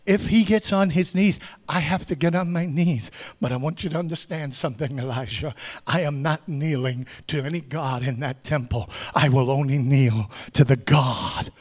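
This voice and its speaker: Guy preaching, doing a thankful healed general, earnest and pleading, kinda soft. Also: on the high side, normal speed, close to an everyday voice. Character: grateful healed foreign army general, earnest man.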